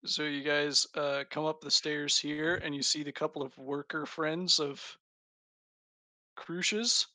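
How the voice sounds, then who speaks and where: A man's voice: a little high, fairly even intonation, unhurried, bright, forceful tone, dry recording. A man running a tabletop game as game master, narrating scenes in an easygoing way.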